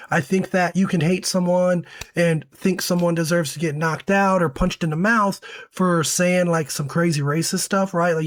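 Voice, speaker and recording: Hoarse man giving casual commentary. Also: fairly high pitch, no echo. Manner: conversational, uses fillers like "right?". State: hoarse, recovering from illness. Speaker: commentary host.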